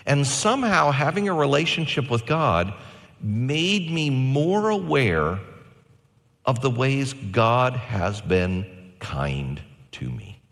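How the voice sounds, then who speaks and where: A pastor in his forties delivering a sermon with animated, varied delivery and slow, emphatic phrases. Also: medium pitch, gravelly, in a large hall.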